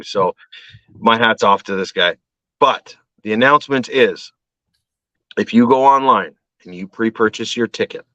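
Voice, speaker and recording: A man's voice: on the low side, no room sound. A man from Canada, a guest on a show, chatting casually and acting out the voices in his stories. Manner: animated storyteller, acts out voices. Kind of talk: casual chat. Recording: dull dry call audio.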